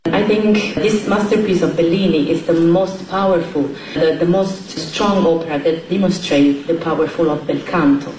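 A woman's voice: fairly low pitch, normal speed, few pauses, a little mellow, far from the mic, a little hiss or hum. A woman singer giving an interview answer in a hesitant way, searching for her words. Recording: echoey room, voice from afar.

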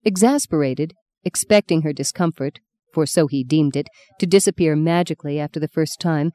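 A woman narrating an audiobook in a steady, measured way. Her voice is low-set and mellow. The close studio recording is dry, with no room around it. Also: no echo. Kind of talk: scripted narration.

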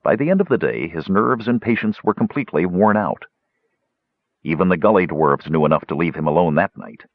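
A man narrating a fantasy audiobook in a steady, expressive way. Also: sits low, fairly quick, no room sound. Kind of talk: scripted narration. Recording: dull lo-fi recording.

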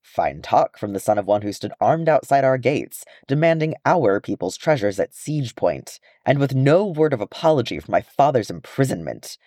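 A man voicing a burly, proud male dwarf who blusters gruffly. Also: on the low side, very animated, unhurried, a little mellow, no echo, studio quality, exaggerated voice. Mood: angry.

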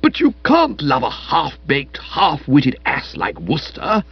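A hulking, domineering man, voiced by a male reader, who blusters in a husky, raspy voice, lurching between highs and lows. The audiobook recording is dry and a little muffled. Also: wildly swooping pitch, measured pace, no echo, heavily acted. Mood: blustering.

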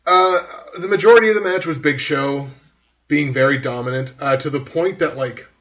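A man's voice: a little high, normal speed, a bit bright. A man hosting a podcast, giving a rambling, filler-heavy breakdown in casual chat. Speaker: podcast host.

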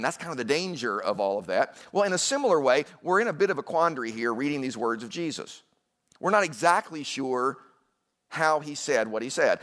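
A man's voice: medium pitch, a bit bright. A man preaching a sermon in a conversational way, with asides and questions to the congregation. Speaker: pastor.

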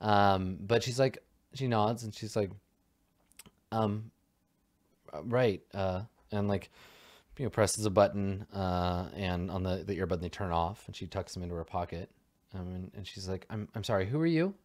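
A man's voice: low-pitched, little pitch movement, measured pace, darkish tone. Rambling man running a tabletop game. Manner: loose, rambling description full of fillers. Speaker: game master.

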